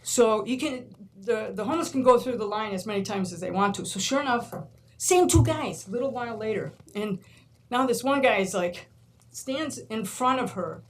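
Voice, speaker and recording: A woman's voice: on the high side, moderate pace, a little hiss or hum, low-quality recording. A woman from New York, a college instructor, telling stories in a speech at a board meeting, acting out quotes and laughing often. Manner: animated storyteller, acts out quotes, laughs often. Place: large meeting room.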